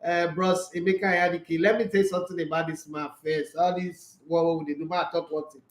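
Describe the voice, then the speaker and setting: A Nigerian man with a high voice chats about sports on his own livestream. He is animated and laughs often, slipping between Pidgin and English. The sound is echoey, as if he is in a bare room. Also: fairly quick. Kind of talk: casual sports chat.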